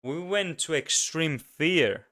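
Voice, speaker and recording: A man's voice: fairly high pitch, expressive, slow, bright, forceful tone. A man hosting a casual solo podcast, speaking emphatically and ranting with frequent repeats. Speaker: podcast host.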